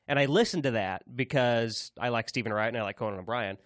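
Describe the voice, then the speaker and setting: Talking fast in a mid-range, slightly bright voice, a man co-hosting a podcast rambles through casual chat full of restarts and fillers. The studio sound is clean, with no echo.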